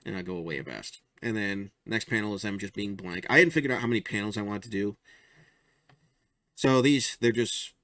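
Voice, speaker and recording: A man's voice: on the low side, fairly quick, a bit bright, no room sound. A man casually walking through his own comic strips, chatty and rambling, chuckling at his jokes. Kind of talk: casual show-and-tell commentary.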